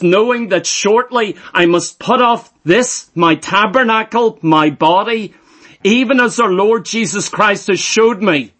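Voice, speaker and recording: A man's voice: high-pitched, fairly bright tone. A middle-aged man preaching a sermon, emphatic and repeating phrases for stress.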